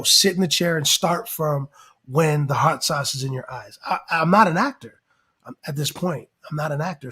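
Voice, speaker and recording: A man telling a long story in casual chat, excitable and rambling, acting out what people said. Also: on the high side, husky. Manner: excitable, rambling, acts out quotes. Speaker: guest rapper and actor.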